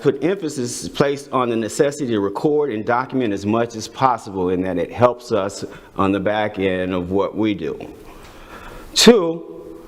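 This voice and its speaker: A man from the district staff reading a prepared briefing at a school board meeting, measured, with small restarts. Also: mid-range voice.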